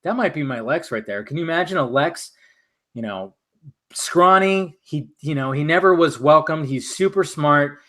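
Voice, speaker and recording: Male stream host, slightly high voice, tipsy, loose and profane, rambling. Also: moderate pace. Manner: animated, profane, rambling with restarts. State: tipsy from vodka. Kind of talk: casual film chat on a drinking stream.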